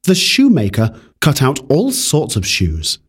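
A man's voice: medium pitch, breathy edge. Man narrating a fairy tale. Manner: expressive, measured read-aloud. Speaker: storyteller.

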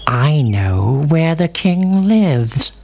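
A storyteller voicing a sly, smooth-talking male fox in a read-aloud storybook, speaking slowly and coaxingly. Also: mid-range voice, sing-song, darkish tone, slight background noise, exaggerated voice.

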